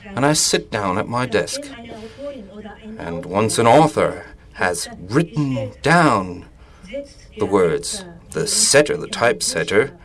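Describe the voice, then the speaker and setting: A man, an author, giving a reflective spoken essay in a deliberate, musing way with small restarts. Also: fairly low pitch. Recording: audience noise in the room.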